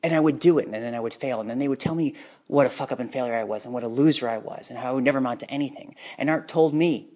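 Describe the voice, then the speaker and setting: A man telling his own life story in an unscripted personal monologue, bitter and emotionally charged, halting at times. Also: mid-range voice, darkish tone.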